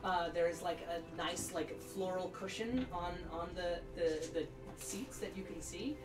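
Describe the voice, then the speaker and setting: A woman's voice: fairly low pitch, unhurried, reverberant, over music. Gm lady rambling thru scene descriptions, lots of ums, mic kinda far. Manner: rambling with many fillers. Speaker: game master. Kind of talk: narrating a tabletop game.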